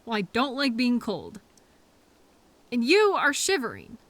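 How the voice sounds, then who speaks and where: Bright, lively woman in audio role-play. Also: fairly high pitch, measured pace, no echo. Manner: fussy, scolding then apologetic, quirky mild exclamations.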